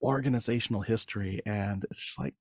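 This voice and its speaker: A man's voice: lowish voice, brisk, slightly rough, dry recording, studio quality. A man in his forties, a podcast guest, telling a story in casual interview talk and acting out quoted dialogue with frequent laughs. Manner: animated, acts out quoted dialogue, laughs often.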